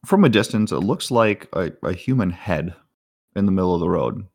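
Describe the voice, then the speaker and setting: A man narrating a tabletop game as game master, describing scenes with many fillers and pauses. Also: low voice, animated, gravelly, a little mellow.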